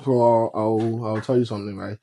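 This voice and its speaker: A man's voice: fairly low pitch, little pitch movement, a little fast, warm tone. A young man from Nigeria with a Nigerian accent, talking emphatically on a podcast and mixing Pidgin into his English. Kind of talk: casual podcast chat.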